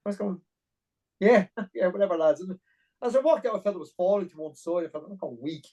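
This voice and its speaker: A middle-aged Irish man telling a long personal story as a podcast guest, animated and full of detail. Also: sits high, lo-fi sound. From Ireland. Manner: animated, fast-paced anecdotal storytelling. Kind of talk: storytelling interview.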